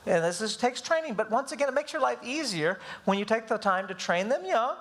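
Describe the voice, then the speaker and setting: A man teaching a live parenting class in a casual, animated way, with his wife co-teaching. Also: high voice, a little fast. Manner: animated, acts out kids' voices in quotes.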